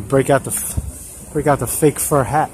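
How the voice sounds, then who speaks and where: A man's voice: mid-range voice, unhurried, rough recording. A man hosting a casual street-interview vlog, chatty and joking, repeating himself as he goes, and filming with a handheld camera at arm's length. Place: busy street outdoors. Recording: loud street traffic noise.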